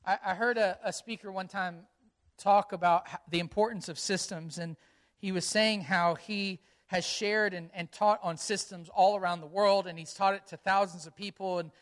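High, bright-voiced pastor preaching earnestly. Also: male voice, fairly even intonation, moderate pace. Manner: earnest, repeats key phrases for emphasis; conversational, tells personal family stories. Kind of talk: sermon.

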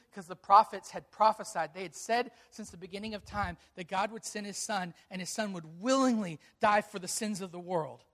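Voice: mid-range voice, moderate pace, a bit bright. A pastor preaching a sermon to a congregation, retelling a story with earnest emphasis.

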